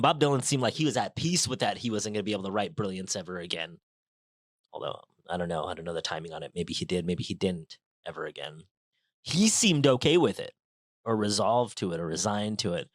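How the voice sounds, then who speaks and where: A man hosting a show, chatting casually and reading passages aloud, animated and quick to interrupt himself. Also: lowish voice, no echo. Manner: animated, excitable, self-interrupting. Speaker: podcast host.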